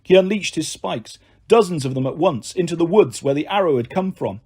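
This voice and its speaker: A man narrating a first-person audiobook with an expressive, dramatic delivery. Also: on the high side, a little fast, slightly rough.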